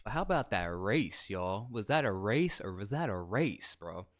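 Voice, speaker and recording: A man's voice: lowish voice, sing-song, moderate pace. A man appearing as a guest YouTuber on a livestream, chatty and playful, full of slang. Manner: chatty, slangy, playful, says bro and y'all. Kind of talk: casual livestream chat.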